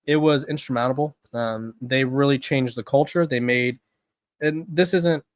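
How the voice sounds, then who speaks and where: A man talks through college football rankings in fast, looping bursts, restarting sentences and tossing in "right?" as he goes. His voice sits in a middle register. The recording is close and dry, with no room sound. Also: medium pitch, no echo. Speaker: podcast host. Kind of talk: casual sports analysis.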